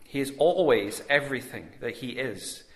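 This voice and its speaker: A man preaching a sermon, measured and emphatic with long pauses. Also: medium pitch, expressive, echoey room.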